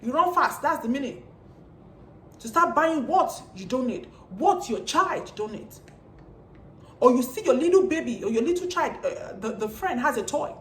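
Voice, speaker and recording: A woman with a high voice lectures parents straight to camera, firing the same pointed rhetorical questions again and again. The sound is roomy, with her voice echoing off bare walls. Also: lively intonation, normal speed, fairly bright tone, a little hiss or hum. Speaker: parenting vlogger. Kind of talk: preachy monologue to parents. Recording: echoey room.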